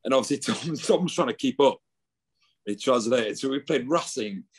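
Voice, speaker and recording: A man's voice: medium pitch, lively intonation, normal speed, breathy edge. A young man, a guest on a podcast, telling stories in a chatty, laughing way. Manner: chatty storyteller, laughs often. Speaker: guest rugby player. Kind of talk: casual podcast chat.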